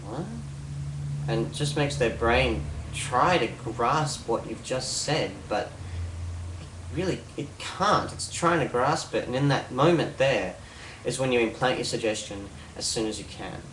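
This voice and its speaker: A man's voice: mid-range voice, expressive, a little slow, fairly bright tone, a little hiss or hum. Man rambling through a how-to, roomy and distant. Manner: rambling, frequent fillers and restarts. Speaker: hypnosis instructor. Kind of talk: casual how-to explanation. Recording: roomy, distant mic with faint ambience.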